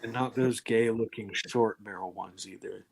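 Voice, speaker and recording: A man's voice: lowish voice, fairly even intonation, moderate pace, creaky, slightly rough, no room sound. Man, podcast co-host, blunt, sarcastic, breathless, dry close sound. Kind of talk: casual chat, gun critique.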